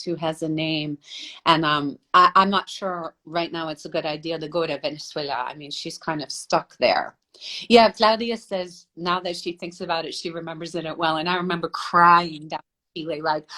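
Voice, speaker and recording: A woman who models and sings opera, telling animated stories and laughing on a live video call. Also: on the low side. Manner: animated storyteller, laughs often. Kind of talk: casual live chat.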